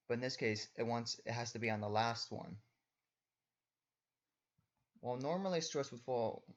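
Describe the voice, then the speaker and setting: A man's voice: mid-range voice, dull audio. A young man giving a recorded lesson, patiently explaining step by step as a teacher.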